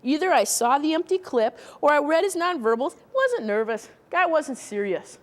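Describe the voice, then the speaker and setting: A woman leads a training session, walking through her points step by step and putting questions to the audience. Her voice sits high for a woman. The long reverb of a hall hangs behind her. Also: sing-song, normal speed. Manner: explains step by step, asks the room questions. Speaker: workshop presenter. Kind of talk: training talk.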